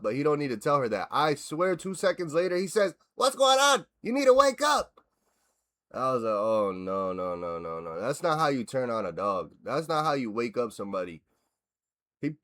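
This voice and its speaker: A man hosting a reaction video, ranting bluntly and with lots of swearing as he breaks down a fight. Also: a little high. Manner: profane, blunt, animated ranting. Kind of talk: casual fight reaction rant.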